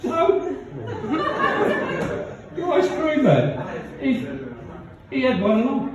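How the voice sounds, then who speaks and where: A man's voice: very high-pitched, big pitch swings, slow, over a noisy crowd, heavy background noise. A man telling rambling stand-up jokes at a pub gig, laughing at his own punchlines. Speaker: stand-up comedian. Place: pub function room with live audience. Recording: echoey, distant, dull audience recording.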